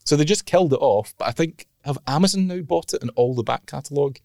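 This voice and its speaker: A man's voice: fairly high pitch, lively intonation, quick pace, creaky, a little mellow, dry recording, clean studio sound. A man co-hosting a podcast, chatting casually with teasing, jokey banter. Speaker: podcast co-host. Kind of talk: casual chat.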